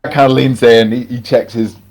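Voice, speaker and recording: A man's voice: medium pitch, little pitch movement, moderate pace, a little mellow. A man playing a tabletop game, describing his character in a laid-back way. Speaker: player.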